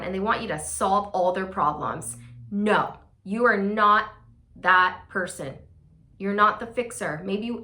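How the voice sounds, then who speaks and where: A woman's voice: medium pitch, pushed and bright. A woman giving a casual tarot reading, chatty and sassy, with playful laughing asides. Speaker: tarot reader.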